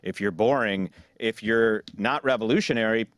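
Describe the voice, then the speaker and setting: A man's voice: fairly low pitch, moderate pace, a bit bright, no echo. A man hosting a casual podcast chat, talking bluntly with profanity and sarcasm. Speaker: podcast host.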